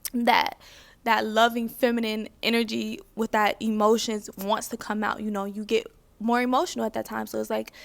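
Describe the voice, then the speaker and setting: A young woman talking softly and openly about healing to her viewers, confiding and full of fillers. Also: on the high side, gravelly, no echo. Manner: soft-spoken, confiding, many "like" and "you know" fillers. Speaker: spiritual vlogger. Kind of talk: heartfelt personal talk to camera.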